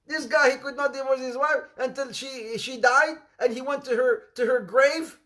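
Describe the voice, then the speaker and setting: A man giving an informal sermon, telling anecdotes in an animated way with laughter and repetition. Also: very high voice, moderate pace. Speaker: Islamic preacher.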